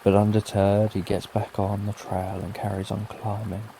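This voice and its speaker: Gravelly British man telling sleep stories. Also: on the low side, little pitch movement, normal speed, a little hiss or hum. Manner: gentle, repetitive, lulling. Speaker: sleep story narrator. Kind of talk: slow soothing bedtime storytelling. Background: soft rain.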